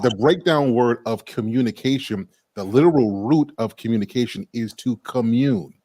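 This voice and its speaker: Animated male talk host. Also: mid-range voice. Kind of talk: casual discussion.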